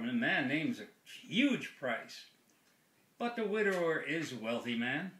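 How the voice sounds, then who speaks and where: A man telling a long joke in a relaxed, unhurried storytelling manner. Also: on the high side. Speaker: joke teller. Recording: echoey room.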